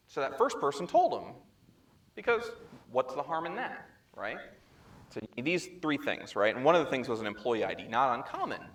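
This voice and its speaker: Speaking into a handheld microphone at a security chapter meeting, a man tells a story at a conference talk, animatedly acting out the quoted dialogue. His voice is mid-range and his speed normal. The room is echoey, with faint background noise.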